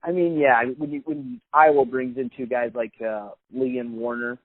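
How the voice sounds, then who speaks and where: A man's voice: medium pitch, fairly even intonation, normal speed, no echo. A man hosting a podcast, talking casually with many fillers and restarts. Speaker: podcast host. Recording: phone-like, dry sound.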